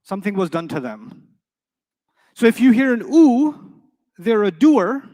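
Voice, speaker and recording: Quizzing his students with fast questions, a man runs an Arabic grammar lecture in a classroom. His delivery is playful and energetic, and his pitch is high.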